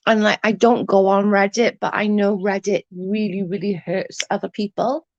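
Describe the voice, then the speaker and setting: An English woman from England hosts a livestream, reading comments in casual chat and answering them bluntly with plenty of swearing. Her voice sits in the mid-range, level in tone and at a normal speed. The stream audio is dull, dry and lo-fi, with no room sound.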